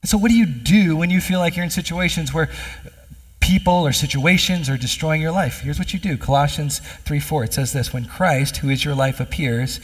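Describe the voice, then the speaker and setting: Husky-voiced man preaching in a hall. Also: on the high side, moderate pace. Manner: earnest, building to emphatic appeals. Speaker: pastor. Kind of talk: sermon. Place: church hall. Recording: long hall reverb.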